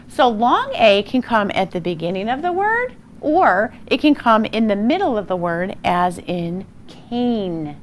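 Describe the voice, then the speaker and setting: A female primary teacher leads a phonics lesson for small children, sounding out words slowly and praising often. Her voice sits at a middle pitch. A faint hiss runs under the recording. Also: fairly bright tone. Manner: slow, encouraging, exaggerated sounding-out of words.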